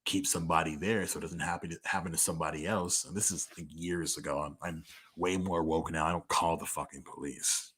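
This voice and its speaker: This podcaster's voice is low, steady and fairly bright, a little fast and slightly rough. In a loose monologue, the young man answers listener questions about his personal life, swearing freely and filling his speech with "like."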